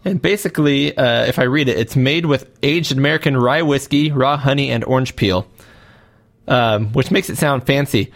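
A man's voice: mid-range voice, moderate pace, gravelly. A man hosting a casual podcast, talking in a rambling, joking way with lots of fillers. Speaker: podcast host. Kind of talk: casual chat.

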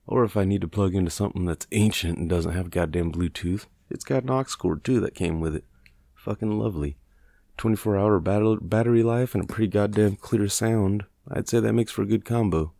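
A man's voice: lowish voice, a little fast, gravelly, dark tone, no room sound, clean studio sound. A man hosting a podcast in casual, rambling chat, swearing freely and mocking himself. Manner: profane, rambling, self-mocking. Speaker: podcast host.

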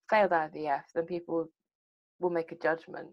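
A woman co-hosting a podcast, speaking in a thoughtful, measured way as she reflects aloud. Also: lowish voice, highs cut off. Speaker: podcast co-host. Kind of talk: podcast discussion.

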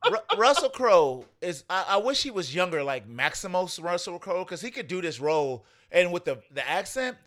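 Lively high-voiced man riffing on trailers. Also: moderate pace, hardly any pauses, slight background noise. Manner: animated, laughing, swearing, mocking voices. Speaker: podcast co-host. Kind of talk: casual movie chat.

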